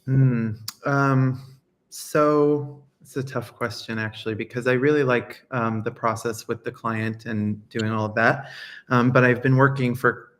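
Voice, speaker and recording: A man who works as a perfumer, a guest on a live stream, speaking thoughtfully with pauses. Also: medium pitch, steady tone, fairly bright tone. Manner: thoughtful, hesitant, with many "um"s. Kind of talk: casual live-stream chat.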